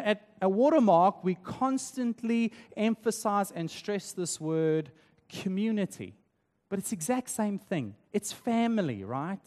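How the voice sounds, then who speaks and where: Pastor, male, raised in South Africa; high-pitched, conversational sermon delivery, long reverb of a church hall. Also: a little mellow. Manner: conversational, tag questions like "right?".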